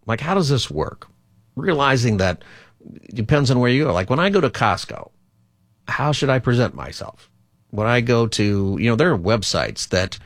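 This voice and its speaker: A man's voice: on the low side, dry recording, studio quality. A man hosting a call-in radio talk show as a pastor, speaking in a chatty, rambling, conversational way.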